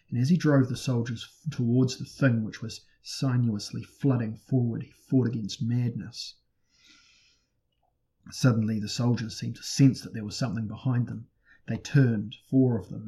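A man reading a fantasy audiobook in a steady, dramatic narration. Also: mid-range voice, poor audio.

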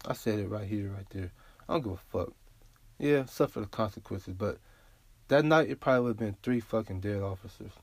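A man's voice: lowish voice, a little fast, darkish tone, no echo. A man hosting a solo podcast, talking bluntly and profanely in a casual, unfiltered way, often asking "you feel me?". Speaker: podcast host.

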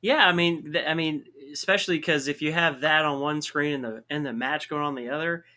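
A man's voice: a little high, steady tone, a little fast, bright, forceful tone. A man co-hosting a casual wrestling recap podcast, playful and joking. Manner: playful, does mock voices. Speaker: podcast co-host.

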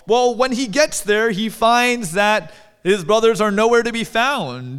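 A man's voice: high voice, expressive, unhurried, a bit bright, clean tone. A man preaching a sermon in a church, conversational and asking the congregation questions. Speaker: pastor. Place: church sanctuary. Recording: long hall reverb.

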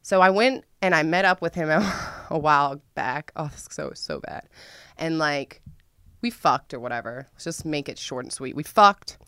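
A woman's voice: low-pitched, moderate pace, a bit bright, clean tone, no echo, clean studio sound. A young adult woman telling a frank, profane story to her listeners, laughing often as she talks. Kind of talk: candid storytime monologue.

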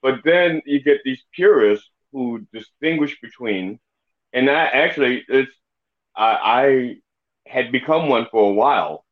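A man's voice: mid-range voice, expressive, unhurried. Guy cracking wry jokes in a podcast chat, mid voice, muffled lo-fi audio. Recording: dull lo-fi sound.

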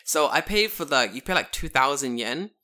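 A man chats casually. He tells an animated story, swears freely and slips into voices for the people he quotes. His tone is bright. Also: medium pitch, moderate pace. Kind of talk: casual chat.

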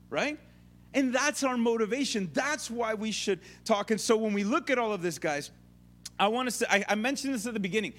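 A man preaching a sermon in a casual, slangy way, dropping to hushed emphasis and rising when he gets animated. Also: sits high. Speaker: pastor.

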